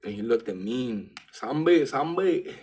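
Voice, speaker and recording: A man with a husky, breathy voice talks straight to camera in an easy, rambling vlog. He tells his story in loose street slang, slipping into hushed asides and then building into excited retellings. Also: medium pitch, slow pace. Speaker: vlogger. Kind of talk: casual spiritual storytelling monologue.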